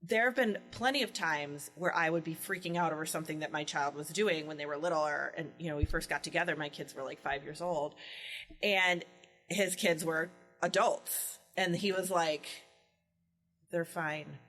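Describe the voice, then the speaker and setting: Co-host: middle-aged woman, lively storyteller who acts out quotes, with faint music behind her. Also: low-pitched, normal speed, low-quality recording. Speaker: podcast co-host. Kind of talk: casual chat.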